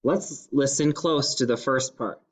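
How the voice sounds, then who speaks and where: A male teacher leading a phonics lesson, sounding out each word slowly and deliberately. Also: mid-range voice. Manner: slow, deliberate sounding-out of words. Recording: slightly dull lo-fi classroom recording.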